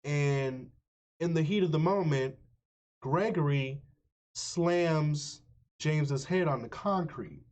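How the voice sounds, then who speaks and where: A man streaming live, casually recapping a movie's plot in slangy, profane, animated storytelling. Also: fairly high pitch, slow. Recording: slightly muffled lo-fi audio.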